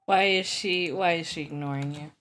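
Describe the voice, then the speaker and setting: A chatty woman streamer with a fairly low voice. She jokes around easily and runs on into long explanations as she plays. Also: moderate pace, a bit bright. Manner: chatty, jokey, laughs often, explains things at length. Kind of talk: casual chat while playing a game live.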